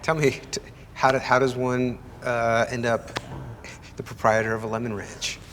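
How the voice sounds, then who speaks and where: A man's voice: medium pitch, level tone, normal speed, fairly bright tone, slight background noise. Easygoing male podcast host, roomy sound. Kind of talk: interview questions.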